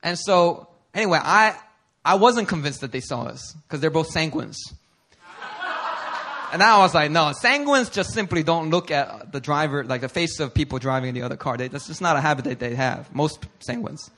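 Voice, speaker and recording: A male pastor telling a personal story in a sermon, animated and conversational, often laughing. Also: a little high, moderate pace. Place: church service before a congregation.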